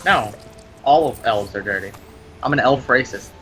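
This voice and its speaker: A man's voice: medium pitch, moderate pace, over music, rough recording. A young man chatting casually during a game stream, brash and joking with crude humor. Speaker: stream guest. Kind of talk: casual chat while gaming.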